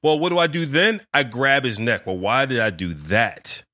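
A man hosting a podcast interview, telling a story in a lively, animated way and acting out the voices in it. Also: medium pitch, normal speed, no echo, clean studio sound. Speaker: podcast host. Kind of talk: casual interview chat.

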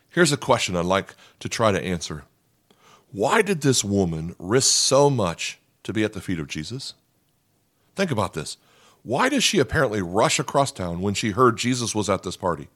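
A man's voice: lowish voice, sing-song, moderate pace, a bit bright. A male pastor preaching a conversational sermon, asking rhetorical questions and voicing the people in the story.

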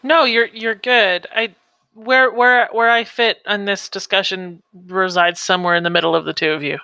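Give me a guarded, creaky-voiced woman. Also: medium pitch, steady tone, normal speed, pushed and bright, no room sound. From Canada. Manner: guarded, brief. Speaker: podcast co-host. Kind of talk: casual podcast discussion.

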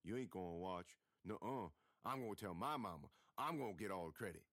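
A man's voice: low voice, animated, fairly quick, fairly bright tone, dry recording, studio quality. A man voicing a big, dim-witted boy bully who talks in a surly rural drawl. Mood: sulky. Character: hulking rough boy bully, dim and mean.

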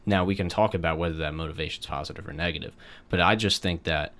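A man's voice: deep voice, fast, fairly bright tone. A man in casual conversation, reflective and rambling, full of restarts and fillers.

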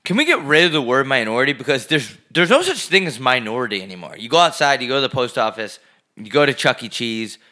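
A man co-hosting a crude comedy podcast, congested and sick, trading jokes with loud bursts and deadpan quips. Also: mid-range voice, quick pace. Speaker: podcast co-host.

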